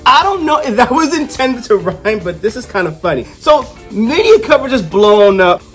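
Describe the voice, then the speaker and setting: Casual comic reviewer narrating a plot recap, amused and animated, lively pitch over faint music. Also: normal speed, husky. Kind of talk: casual story retelling.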